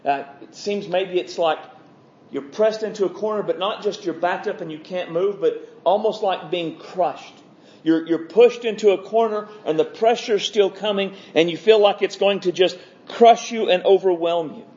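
A man preaching an evening sermon, earnest, stretching key words slowly. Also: sits high, a little mellow. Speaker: pastor. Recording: dull lo-fi sermon audio.

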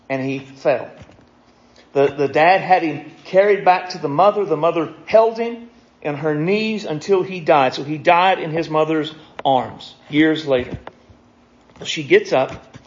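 A man preaching a sermon, retelling scripture stories in a casual way and reading verses aloud quickly. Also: on the high side, muffled recording.

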